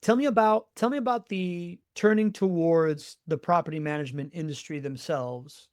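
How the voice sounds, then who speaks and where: A man's voice: on the high side, normal speed, no room sound, studio quality. A man hosting a podcast interview, encouraging his guest and asking follow-up questions in a casual way. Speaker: podcast host.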